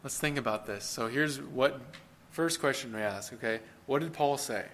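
A man's voice: medium pitch, moderate pace, a bit bright, a little hiss or hum. Earnest male pastor preaching conversationally. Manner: asks the congregation rhetorical questions; earnest, plain-spoken preaching. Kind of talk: conversational sermon.

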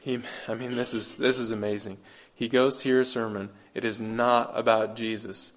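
A man's voice: medium pitch, level tone, normal speed. A man preaching a sermon, earnest and emphatic, repeating phrases and asking his listeners rhetorical questions.

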